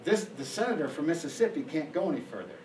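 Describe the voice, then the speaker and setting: A man's voice: a little high, sing-song, fast talker, darkish tone, reverberant, a little hiss or hum, poor audio. A male history teacher giving a casual classroom lecture, telling a story with many fillers and restarts.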